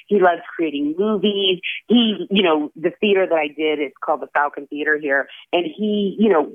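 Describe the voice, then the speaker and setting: A man, an actor guest, chatting effusively in an interview, full of "like" and "you know". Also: high voice. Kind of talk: casual interview chat. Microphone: phone call. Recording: tinny phone line.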